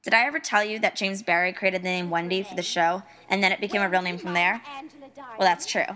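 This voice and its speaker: Young woman, student, scripted letter narration, earnest and wistful, tense bright tone. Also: on the low side, fairly even intonation, quick pace.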